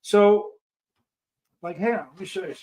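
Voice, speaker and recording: A man with a fairly high voice hosts a casual live stream. He rambles through stories and reads viewer messages aloud in an easygoing chat. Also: a little slow, dark tone.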